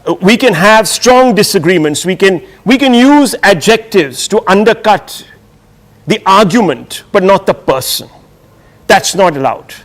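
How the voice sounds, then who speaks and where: A man's voice: high voice, lively intonation, unhurried. A man with an Indian English accent hosting a TV news debate show, moderating firmly and interrupting to keep order.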